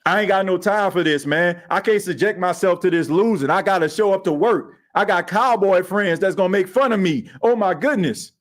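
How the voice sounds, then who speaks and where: A man hosting a sports podcast, talking in an animated, slangy way and reacting to viewer comments. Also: high-pitched, moderate pace, few pauses. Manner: animated, slangy, reads chat comments aloud. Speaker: podcast host.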